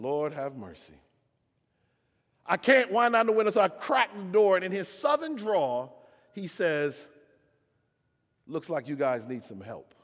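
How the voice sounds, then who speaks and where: A pastor preaching a sermon, telling a story with dramatic swings from loud to hushed. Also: male voice, fairly high pitch. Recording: long hall reverb.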